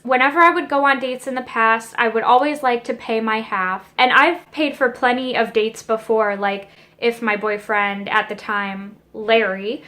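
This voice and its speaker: A young woman with a slightly high voice tells a personal story straight to camera. She is animated and indignant, full of asides to her viewers. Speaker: beauty vlogger. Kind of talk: storytime vlog.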